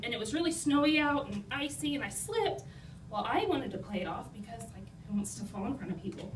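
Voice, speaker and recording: A young woman telling funny stories about her own life to a live audience, self-deprecating and chatty, full of "like" and "you know.". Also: sits high. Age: young adult. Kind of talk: humorous personal storytelling. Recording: roomy, distant mic, noisy.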